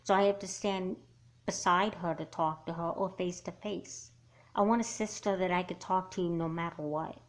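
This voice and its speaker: A woman voicing an angry, hurt teenage girl in a doll movie, talking in a halting, sighing way. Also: on the low side, steady tone, lightly acted. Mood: wistful.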